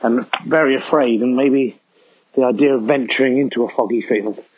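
A man's voice: mid-range voice, steady tone, normal speed, husky, no room sound. A man delivering a rambling, mock-serious comedy monologue while walking outdoors through a foggy field. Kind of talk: deadpan absurd comedy monologue. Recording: dull lo-fi sound.

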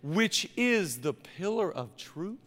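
A man's voice: high voice, big pitch swings, takes it slowly, fairly bright tone. A male pastor preaching a sermon in a conversational, emphatic way, with repeated phrases, recorded in a large church auditorium. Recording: long reverb of a big hall.

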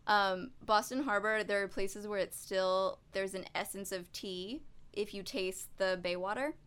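A woman's voice: medium pitch, fairly even intonation, measured pace, fairly bright tone, smooth. A young woman co-hosting a casual podcast chat, sarcastic and joking while drinking beer. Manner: sarcastic, joking, self-deprecating. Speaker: podcast co-host.

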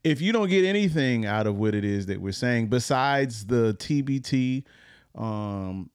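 A man co-hosting a podcast in relaxed casual chat, also reading a short scripture message. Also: mid-range voice, unhurried, clean tone, no room sound, studio quality. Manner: relaxed, laid-back with many fillers. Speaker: podcast co-host.

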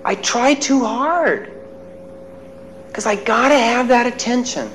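A man's voice: extremely high pitch, slow pace, fairly bright tone, a little hiss or hum, pitched above the performer's own voice, full character voice, rough recording. A man voicing his hurt, jealous eight-year-old son, tearful and childlike.

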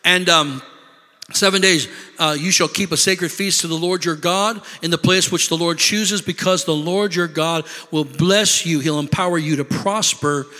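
A male pastor preaches to his congregation, reading scripture at an even pace and then rising into loud, fervent exhortation. His voice sits high and ringing, with a bright edge. The sound carries a long reverb from a big sanctuary. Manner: builds from measured teaching to shouted exhortation. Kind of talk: sermon.

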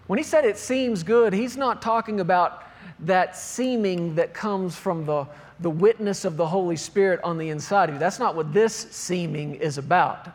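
A man's voice: high voice, normal speed. A man preaching a sermon, reading scripture aloud and driving points home with emphatic repetition. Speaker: pastor.

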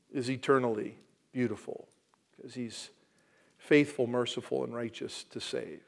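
A male pastor delivering a sermon, swinging from loud emphatic declarations to quiet asides and questioning the congregation. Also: medium pitch, steady tone, a little slow, gravelly.

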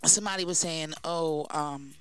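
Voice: mid-range voice, moderate pace, a bit bright, clean tone. A podcast co-host chatting casually and talkatively, with many filler words. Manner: talkative, lots of "like" and "you know". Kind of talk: casual chat.

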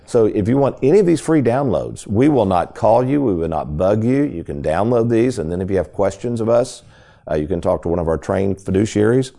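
A man's voice: on the low side, expressive, a little fast, vocal fry, mellow. A man hosting a financial talk radio show, speaking in a folksy, emphatic way and often addressing listeners directly as folks.

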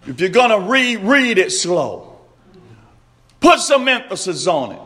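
A man preaching a sermon, slow and emphatic, repeating his refrains and rising to shouts. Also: high-pitched, sing-song.

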